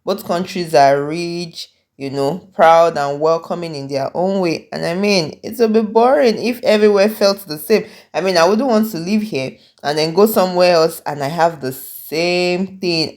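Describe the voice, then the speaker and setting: Upbeat host woman, deep voice. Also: normal speed, hardly any pauses, a little mellow. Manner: enthusiastic, repeats "I mean". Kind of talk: upbeat wrap-up to viewers.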